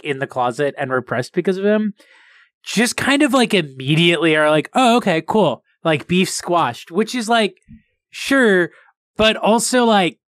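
Chatty, rambling man with a bright voice. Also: on the high side, dry recording. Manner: rambling and animated, heavy with "like" and quick laughs. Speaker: podcast co-host reviewing films. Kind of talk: casual chat. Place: at home.

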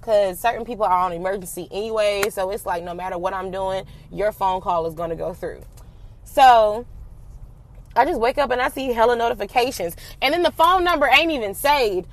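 A young adult woman telling a personal story in casual, slangy talk, animated and swearing freely. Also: medium pitch, fairly quick.

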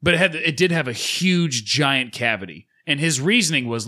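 Bright-voiced man telling a rambling story. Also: on the high side, expressive, moderate pace, hardly any pauses. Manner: rambling profane storytelling, acts out others' lines. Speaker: podcast co-host. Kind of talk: casual chat.

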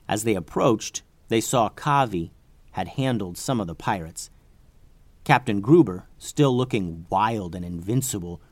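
A man telling an improvised adventure story, animated and rising with the action. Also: medium pitch, no echo.

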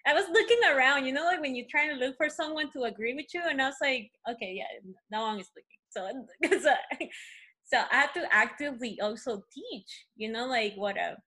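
A woman from Peru, a native Spanish speaker, tells stories about her life as an interview guest. Her voice sits a bit high and sounds bright and sharp. She talks in an animated way and leans on "you know, like" again and again. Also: brisk. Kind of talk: casual conversational storytelling.

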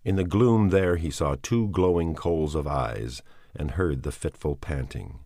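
A man narrating a dramatic audiobook in a measured, expressive way. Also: rumbling low, no echo.

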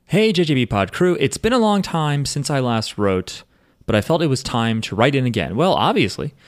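A male podcast co-host jokes around and reads listener emails aloud in a casual show. His mid-range voice is sing-song at a normal speed, and the recording is dry and clean, with studio quality.

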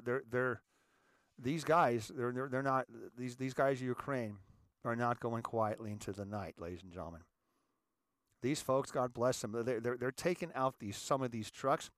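A man hosting a show, speaking to viewers in an emphatic monologue, often repeating words and calling them ladies and gentlemen. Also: medium pitch, dry recording, studio quality. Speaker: show host.

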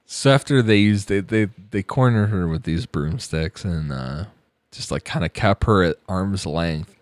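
A very deep-voiced man from the United States tells a true crime story in a relaxed podcast chat, breaking into laughs as he goes. The sound is dry and close, with no room around him. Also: measured pace, no echo. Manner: laughs often while narrating.

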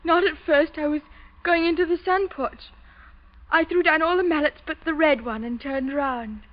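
An actress playing a frightened, distraught young daughter who answers in a tearful, trembling, pleading way in an old radio drama. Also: female voice, high-pitched, moderate pace, lo-fi sound, lightly acted.

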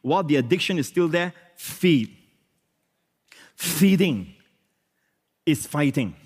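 A male pastor preaching a sermon, his fairly high voice ringing out with long reverb in a church hall. He swings from emphatic exclamations down to hushed, prayerful lines. He repeats phrases and scatters hallelujahs and amens throughout. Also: lively intonation, takes it slowly, husky.

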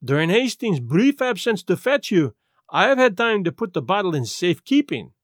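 A man voicing a small, fussy, self-assured male detective who speaks gently and in a measured, lecturing way. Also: high-pitched, sing-song, no room sound, clean studio sound. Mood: placid.

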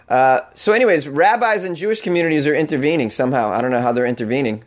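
A man's voice: medium pitch, expressive, racing, few pauses. A man with a Boston accent hosting a comedy news show, riffing with sarcasm and mock outrage and laughing at his own jokes. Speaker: comedian podcast host.

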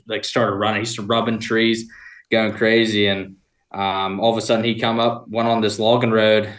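Young man, low-pitched, rambling podcast guest, laughing through a story. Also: fairly bright tone. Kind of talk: casual storytelling.

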